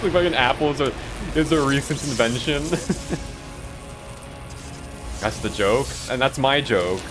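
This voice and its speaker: Over music, a medium-pitched man speaks fairly quickly while streaming a game. He tells rambling, casual stories about school, laughing often and filling his speech with "like".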